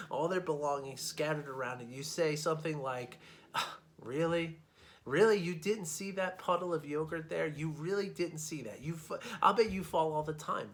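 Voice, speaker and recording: A man's voice: medium pitch, a bit bright. Chatty male coach asking "right?". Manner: chatty, frequent "right?" check-ins, repeats words. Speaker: life coach. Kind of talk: casual teaching talk.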